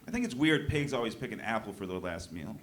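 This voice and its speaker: A man doing a stand-up set, telling deadpan one-liners and now and then breaking into loud outbursts at the audience. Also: lowish voice, fast. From New Hampshire. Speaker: stand-up comedian. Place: comedy club stage. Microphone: handheld stage mic. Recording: live club recording with crowd noise. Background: audience laughter.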